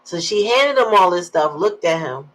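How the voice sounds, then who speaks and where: A woman's voice: lowish voice, animated, normal speed, poor audio. A woman giving a casual tarot reading, chatty and slangy, telling stories with sighs in between. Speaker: tarot reader.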